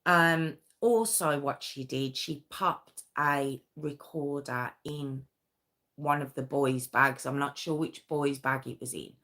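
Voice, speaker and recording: A woman's voice: very deep voice, steady tone, slow, sharp tone. A British woman narrating a true crime story in a casual, earnest way, with fillers and restarts.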